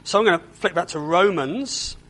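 A man's voice: sits high, normal speed, a bit bright, low-quality recording. A man preaching a sermon in a church, earnest and often repeating words as he stresses a point.

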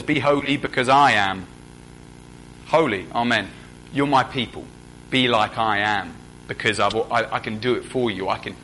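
Young man, mid pitch, preaching casually, faint rumble behind. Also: fairly bright tone, low-quality recording. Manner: conversational, asks the congregation questions. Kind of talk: sermon.

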